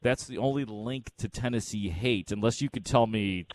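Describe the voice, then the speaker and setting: A man's voice: on the low side, normal speed, a little mellow, no room sound. A man hosting a radio show, telling easygoing stories and laughing along with his guest. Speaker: radio host. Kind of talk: casual radio chat.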